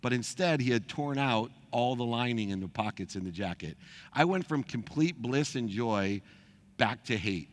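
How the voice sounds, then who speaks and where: A middle-aged man telling a personal story as host, animated and acting out the people he quotes. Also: mid-range voice, normal speed.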